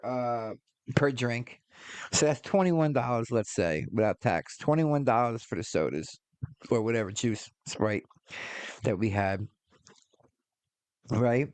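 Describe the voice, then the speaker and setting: In a smooth, medium-pitched voice on a dry recording, a podcast host in his forties rants casually. He's exasperated and profane, swearing a lot and wandering into rambling asides.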